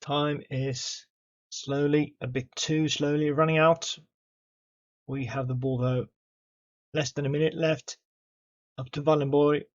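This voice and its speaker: A man commentating his own football management game, excitable and chatty, cheering on his players and talking to them. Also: a little high, measured pace, long pauses, muffled recording. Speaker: gaming YouTuber.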